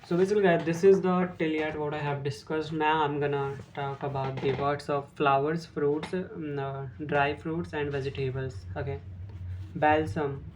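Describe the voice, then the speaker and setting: A man with an Indian English accent, teaching vocabulary in a casual video lesson and reading word lists quickly. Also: on the high side, little pitch movement, a little hiss or hum, poor audio. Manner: reads word lists rapidly, English word then Hindi meaning.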